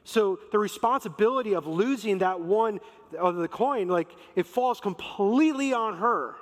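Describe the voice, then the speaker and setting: A man's voice: sits high, animated, normal speed. A man preaching a sermon in a conversational, emphatic way, acting out quotes. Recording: long reverb of a large hall.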